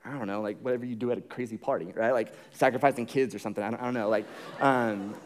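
A man's voice: medium pitch, steady tone, fast talker. A young adult man preaching a sermon as a pastor, conversational and jokey, full of fillers and restarts. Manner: jokey storytelling.

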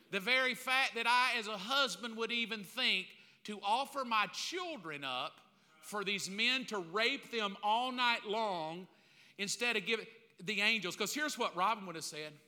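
A middle-aged pastor's high, bright, forceful voice is expressive and a little slow as he preaches. He tells the story with humor, acts out a crowd's voices, and the recording carries the long reverb of a large hall.

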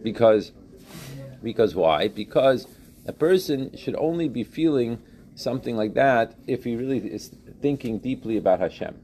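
A man teaching a religious text class, animated, questioning students and repeating phrases as he explains. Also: mid-range voice, normal speed, slight background noise. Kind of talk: interactive class lecture.

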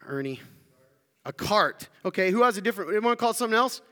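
Fast and lively, a man from the American South preaches to a congregation, quizzing them in a playful, jokey way. His high voice has a sharp, clean tone, heard through long hall reverb.

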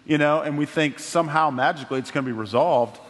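A man's voice: fairly high pitch, fast. A man hosting an interview in an affirming, encouraging way, reflecting back on what his guest says. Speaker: podcast host. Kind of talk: interview conversation. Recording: long reverb.

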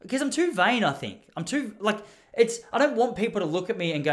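A man's voice: high voice, big pitch swings, fast. A young man with an Australian accent telling a comic story in a rambling, self-mocking way, as a podcast host.

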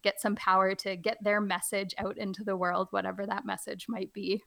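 Woman, teacher type; casual chat, slightly gravelly, playful read-aloud delivery. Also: little pitch movement, fairly quick, fairly bright tone. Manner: hams up reading with big pitch jumps. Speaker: podcast co-host, teacher.

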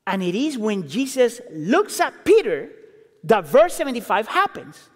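A man preaching a sermon, acting out quoted lines and building intensity before dropping low and quiet. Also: unhurried. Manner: expressive, acts out quotes, builds intensity then drops low. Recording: reverberant hall.

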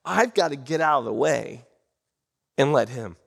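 A man preaching a sermon in church, animated and drawing responses from the congregation. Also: medium pitch, normal speed, creaky, slightly rough. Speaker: pastor. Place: church sanctuary.

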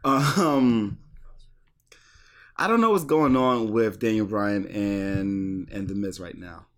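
A man hosting a podcast, recapping wrestling in rambling casual chat full of restarts. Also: fairly low pitch. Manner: rambling, stumbling restarts, quick to laugh.

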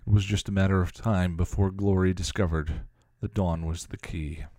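A man narrating a fan fiction story aloud in a steady storytelling manner. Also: deep voice, normal speed, no echo, studio quality. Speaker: reader.

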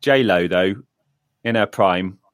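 A man's voice: low-pitched, takes it slowly, no echo, studio quality. A man in his thirties co-hosting a film podcast, telling stories with eager enthusiasm. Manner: enthusiastic, laughing storyteller. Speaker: podcast co-host. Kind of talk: casual chat. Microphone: remote call recording.

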